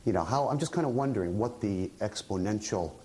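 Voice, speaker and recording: A man's voice: fairly low pitch, lively intonation, a little fast, mellow, poor audio. A man hosting a business news show, asking probing questions in a conversational way. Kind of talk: broadcast interview.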